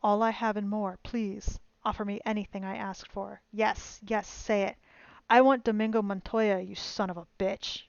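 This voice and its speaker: A woman voicing a vengeful young male swordsman who repeats his vow with rising intensity until he is shouting. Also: mid-range voice, level tone, moderate pace, gravelly, dry recording, muffled recording, natural voice. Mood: furious.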